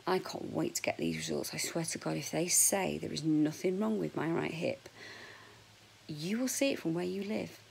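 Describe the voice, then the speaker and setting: A woman in her forties with a husky voice, chatting frankly and jokily to camera in a casual vlog, sometimes dropping to a whisper. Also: on the low side, a little hiss or hum, rough recording. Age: 40s. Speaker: vlogger.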